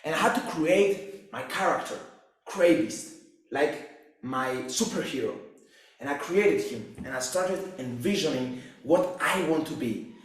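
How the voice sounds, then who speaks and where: A young man tells his own story as a fitness coach, intense and full of swearing. His voice sits high for a man. The sound bounces around a very echoey room. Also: expressive, unhurried. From Cyprus. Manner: intense, profane, restless delivery with restarts. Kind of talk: personal story monologue.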